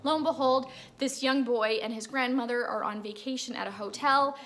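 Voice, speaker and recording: Chatty woman in her thirties, book-review vlogger at home; high, bright voice. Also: normal speed. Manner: chatty, rambling, many "like"s. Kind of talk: casual chat.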